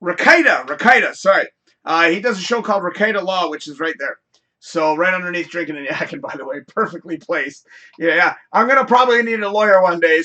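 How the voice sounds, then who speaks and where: A man hosting a live show, telling a rambling, animated story in casual chat and swearing freely. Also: high-pitched. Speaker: show host.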